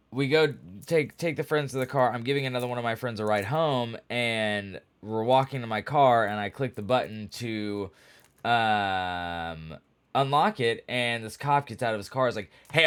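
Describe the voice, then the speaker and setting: A man's voice: mid-range voice, a bit bright, smooth. A man vlogging from home, telling a long story in a rambling, casual way with lots of fillers and wry, exasperated asides. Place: at home with pets.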